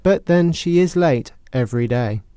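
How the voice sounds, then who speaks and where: A British man narrates a radio English lesson in a clear, careful, explanatory way. His voice is fairly high for a man, yet mellow and warm. The sound is close and dry, like a studio. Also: expressive, no room sound. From Britain. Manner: clear, measured, explanatory, with acted sarcastic example lines. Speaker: English teacher presenting a lesson. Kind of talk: scripted educational narration.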